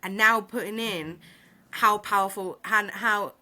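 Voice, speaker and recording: A woman co-hosting a podcast, chatting casually about a book, excitable and swearing freely. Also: mid-range voice, unhurried. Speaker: podcast co-host.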